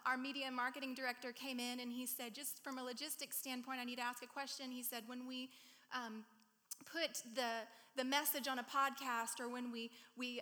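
A woman's voice: fairly high pitch, big-room sound. A woman preaching to a congregation in an emotional, candid manner. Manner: emotional, warm-hearted, candid. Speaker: guest speaker. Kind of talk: sermon. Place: church sanctuary.

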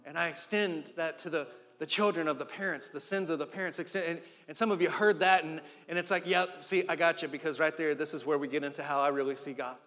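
A man preaching a sermon, impassioned, swinging between loud and hushed, often repeating and restarting words. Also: on the high side, steady tone, quick pace, few pauses. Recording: long hall reverb with faint music.

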